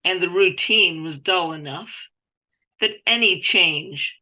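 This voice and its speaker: Low, bright-toned woman narrating slowly. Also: rough recording. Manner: measured, literary phrasing. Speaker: author taking a storytelling turn. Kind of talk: improvised story narration.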